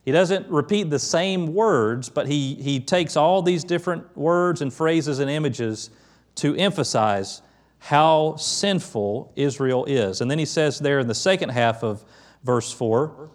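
A middle-aged pastor giving a conversational sermon, quick to lift his voice when quoting the prophets. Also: fairly high pitch.

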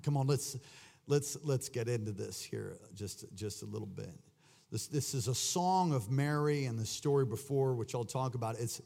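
In a gravelly, medium-pitched voice, this preacher wanders through a story packed with fillers and restarts during his sermon. Afterward he rouses the congregation with strong exhortation.

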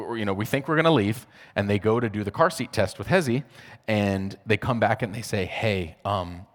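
A man with a low-pitched voice tells a personal faith testimony. He talks casually, full of fillers, and slips into quick acted-out dialogue. His voice carries a long reverb, as if spoken in a large hall. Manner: conversational, filler-heavy, acts out dialogue. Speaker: speaker sharing a personal testimony. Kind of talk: testimony talk.

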